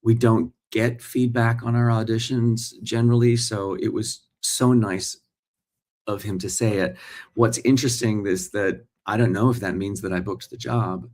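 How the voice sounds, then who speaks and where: A man's voice: fairly low pitch, flat delivery, moderate pace, darkish tone. Man, 40s, actor hosting a live morning stream, casual, chatty, talks to viewers. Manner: chatty, talks straight to viewers and reads their comments.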